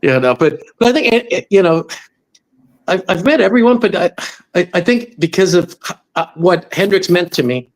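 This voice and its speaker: Animated middle-aged man telling a story. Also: high voice, moderate pace. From Los Angeles. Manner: animated, acts out quoted voices. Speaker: musician guest. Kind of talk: storytelling in interview.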